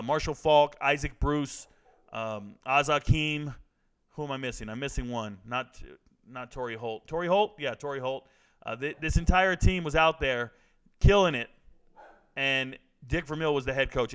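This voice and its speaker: Brash joking man with a clear voice. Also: a little high, fairly bright tone, poor audio. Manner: brash, joking, talking straight to viewers. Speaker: sports and trends commentator. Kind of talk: casual commentary vlog.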